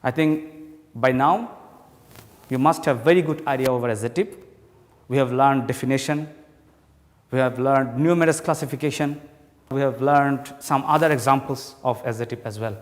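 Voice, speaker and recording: Male teacher, mid pitch, patient classroom delivery, long reverb. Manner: slow, emphatic explaining to students. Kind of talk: classroom English grammar lesson.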